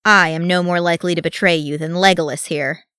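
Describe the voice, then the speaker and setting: A woman voicing a proud, angry male dwarf warrior who speaks loud and forceful in dialect, recorded dry and close. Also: lowish voice, steady tone, fairly quick, clear, resonant tone, no room sound.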